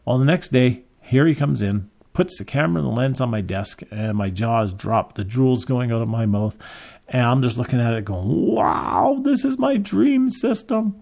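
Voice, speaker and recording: A man's voice: mid-range voice, normal speed, gravelly, darkish tone. A man running a photography business, telling a story as a lesson and acting out the quotes with big jumps in his voice. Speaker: photography shop owner and teacher.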